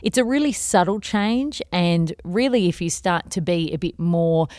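A woman hosting a podcast, giving advice in an energetic, conversational and encouraging way. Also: on the low side, moderate pace, no room sound, studio quality. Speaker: podcast host and teacher. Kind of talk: instructional podcast talk.

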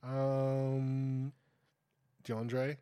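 A man co-hosting a podcast, reading out stats in casual chat with dry, deadpan crude jokes. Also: medium pitch, drawn-out words, smooth, no echo. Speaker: podcast co-host.

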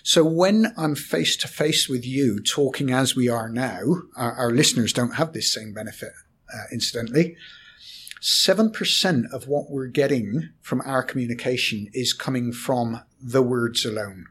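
A man, a corporate trainer explaining communication in a podcast discussion, measured and hesitant at times. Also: medium pitch, fairly bright tone, a little hiss or hum.

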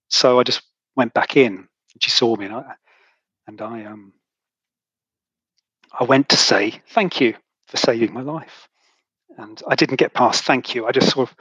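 Middle-aged male guest, husky, dry close sound, emotional and halting. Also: medium pitch, fairly even intonation, fairly bright tone, dry recording, low-quality recording. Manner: halting, emotional, many restarts. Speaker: podcast guest, author. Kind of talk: conversational interview.

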